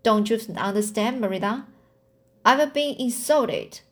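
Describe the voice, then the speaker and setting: Stubborn, dramatic young orphan girl, read by a woman in a slow, earnest storybook voice. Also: a little high.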